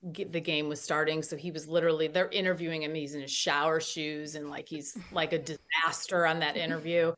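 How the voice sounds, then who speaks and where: Her voice is deep as this thirty-something podcast guest relates a story, loose and lively, with "like" filling nearly every gap.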